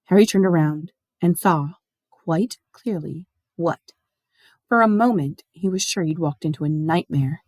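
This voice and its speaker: Lively woman reader, fairly low voice, expressive storybook narration, dry recording. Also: moderate pace, no echo. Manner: animated, lively. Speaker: audiobook reader.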